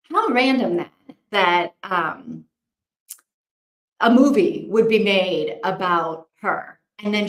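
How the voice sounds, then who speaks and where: A woman's voice: medium pitch, reverberant. A woman hosting a casual livestream, chatting, thinking aloud and reacting to viewer comments. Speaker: livestream host.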